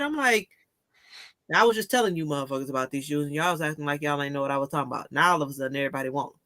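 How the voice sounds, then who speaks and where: Animated, laughing Detroit woman. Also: sits low, racing, dry recording. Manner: animated storytelling, frequent laughter, profane. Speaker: podcast host. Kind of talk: casual chat.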